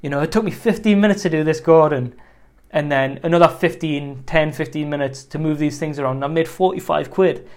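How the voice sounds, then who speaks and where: Guy with a bit of a higher voice rambling through a story about his lawn business, lots of you know. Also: brisk, a little mellow. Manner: chatty, rambling, frequent "you know" asides. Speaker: lawn care business owner. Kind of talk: casual storytelling advice talk.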